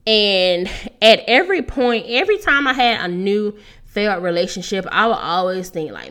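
A woman's voice: mid-range voice, very animated, normal speed, a bit bright. Laughing, earnest woman podcaster. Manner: laughs often, emphatic and earnest. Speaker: podcast host. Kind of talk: casual solo podcast monologue.

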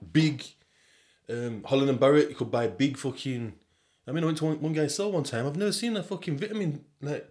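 A young man with a mid-range, somewhat dark voice hosts a casual solo podcast. His chat rambles, full of slang and swearing, and he laughs often.

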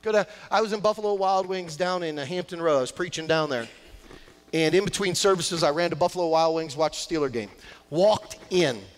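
A male pastor preaching a sermon, emphatic, swinging between loud outbursts and hushed lines. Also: a little high, a little fast. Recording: long church hall reverb.

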